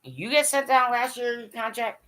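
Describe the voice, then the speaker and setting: High, bright-voiced woman ranting. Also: expressive, normal speed. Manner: blunt, profane, scolding. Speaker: hockey fan vlogger. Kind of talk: ranting monologue to camera.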